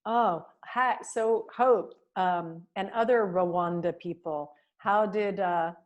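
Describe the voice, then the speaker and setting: A woman's voice: fairly low pitch, takes it slowly, muffled recording. A woman teaching a voice and diction class, giving students feedback on their monologues over a video call, praising them with many fillers and small laughs.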